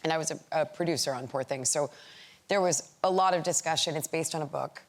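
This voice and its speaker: A woman actress and producer speaking as a chat show guest, thoughtful and halting. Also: deep voice. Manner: thoughtful, with restarts.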